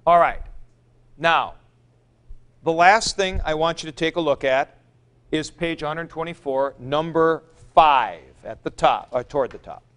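A man with a fairly high, smooth and clear voice gives a classroom lecture. He speaks slowly and patiently, working through each point step by step and repeating forms aloud as he goes. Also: a bit bright. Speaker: Greek teacher. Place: classroom with a board.

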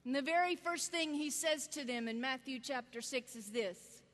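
A woman giving a sermon, telling the story with lively energy and acting out the voices of the people in it. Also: high-pitched, moderate pace. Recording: long reverb of a large hall.

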